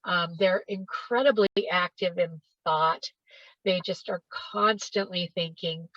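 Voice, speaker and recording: A woman's voice: on the low side, a bit bright, no echo. A middle-aged woman, a parenting educator, giving a workshop talk to parents over a video call, emphatic and repeating words for stress. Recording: dull lo-fi dry sound.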